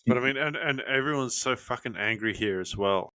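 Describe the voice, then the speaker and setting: A man's voice: medium pitch, a little fast, bright, forceful tone, clean tone, dry recording. A man from Africa, chatting casually on a podcast in a blunt, easygoing way and swearing freely. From South Africa.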